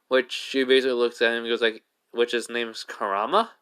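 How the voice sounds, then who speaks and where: A man's voice: medium pitch, level tone, fairly quick, a bit bright, clear, resonant tone. A man narrating a fan-made story off the cuff, rambling and restarting, with lots of filler words. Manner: rambling, full of "basically" and restarts.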